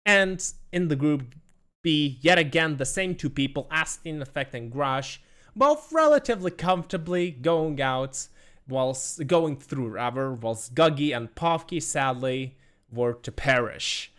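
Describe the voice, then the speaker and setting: A man's voice: a little high, animated, a little slow, a bit bright. A man casting an esports tournament, walking through results with small self-deprecating jokes. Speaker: esports caster. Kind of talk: tournament commentary.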